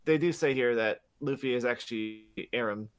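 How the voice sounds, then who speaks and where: A man's voice: mid-range voice, normal speed, clear, resonant tone. A man co-hosting a podcast, casually retelling a game's plot with lots of fillers and swearing. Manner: rambling, profane, many fillers. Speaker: podcast co-host. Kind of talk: casual game recap.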